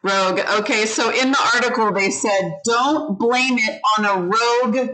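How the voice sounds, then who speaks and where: A woman's voice: fairly high pitch, bright, forceful tone, a little hiss or hum, rough recording. A woman teaching an English vocabulary lesson, patiently walking the class through word meanings and having them repeat each word after her. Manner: slow, patient, leads the class in repeating words. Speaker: ESL teacher.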